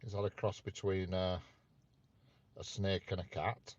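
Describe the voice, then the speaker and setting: Man host, very low voice, teasing casual live-chat delivery, dull lo-fi stream sound. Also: level tone, a little slow, a little mellow, no echo. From north of England. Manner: chatty, teasing, playful questions to viewers. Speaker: livestream host chatting with viewers.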